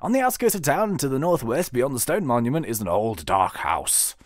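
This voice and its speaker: A man's voice: mid-range voice, big pitch swings, fairly quick, no echo, studio quality, voice pushed up, close to an everyday voice. A British man voicing a scheming, greedy male village mayor in a sly, oily, theatrical way.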